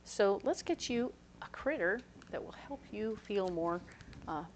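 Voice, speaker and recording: A woman's voice: medium pitch, measured pace. Chatty woman doing a tarot reading, playful, bit of faint hiss behind. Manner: chatty, playful, animated asides. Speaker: tarot reader.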